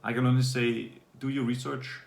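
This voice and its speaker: A man's voice: mid-range voice, moderate pace, gravelly, roomy sound. A man from Denmark giving a casual, rambling video update to his viewers. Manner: relaxed, rambling, with fillers. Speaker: vlogger.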